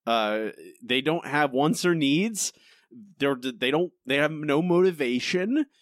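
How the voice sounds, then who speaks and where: A man's voice: fairly high pitch, expressive, takes it slowly, dry recording, clean studio sound. A young man co-hosting a podcast, ranting in a casual, exasperated way and repeating his points. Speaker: podcast co-host.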